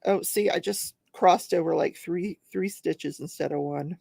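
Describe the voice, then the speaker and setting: Slow, gravelly woman chatting live. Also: on the low side, dark tone, no echo. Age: 40s. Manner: chatty, laughs often, reads viewer comments aloud. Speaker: host of a live crafting show. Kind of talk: casual live-stream chat while crafting.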